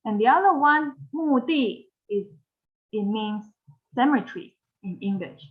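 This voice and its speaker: A woman's voice: medium pitch, expressive, moderate pace. A woman with Mandarin as her first language, teaching pronunciation in a recorded online lesson, patient and repeating each phrase. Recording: dull lo-fi recording.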